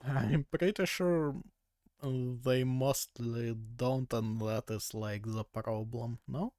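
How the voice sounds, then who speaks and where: A man's voice: medium pitch, fairly even intonation, slow, darkish tone, no room sound, clean studio sound. A man streaming live, reacting to a video with casual, laid-back asides and the odd swear word.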